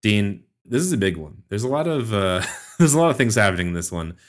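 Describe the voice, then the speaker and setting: A man's voice: on the low side, very animated, brisk. A man co-hosting a casual podcast about the Bible, chatty, often laughing and restarting his sentences. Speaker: podcast co-host. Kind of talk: casual discussion and scripture reading.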